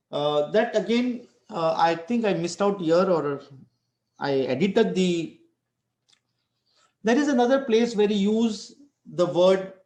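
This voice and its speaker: A man's voice: high voice, a little mellow, echoey room. A man giving an online lecture, explaining step by step with restarts and frequent "right?" checks. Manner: explains step by step, many restarts and tag questions.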